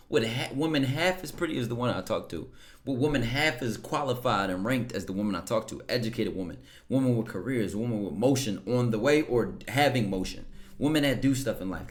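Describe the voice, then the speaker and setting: A man hosting a live stream, talking casually and rambling, often checking in with his audience. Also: medium pitch. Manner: laid-back, rambling, keeps checking in with "right?". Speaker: livestream host.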